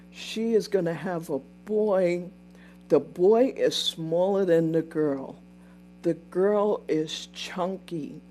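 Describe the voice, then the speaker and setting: A woman recounting a story on a live stream, slow and meandering, often stopping mid-thought to greet viewers. She speaks at an unhurried pace in a mid-range voice. A faint electrical hum sits under the recording. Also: low-pitched, mellow. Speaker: livestream host retelling visions.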